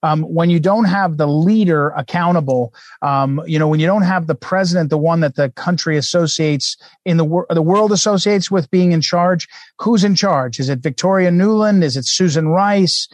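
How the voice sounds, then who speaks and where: A man hosting a talk radio show, talking fast and rambling with many fillers and restarts. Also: on the high side, dry recording. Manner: rapid, rambling delivery full of fillers and repeated starts. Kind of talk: casual talk radio chat.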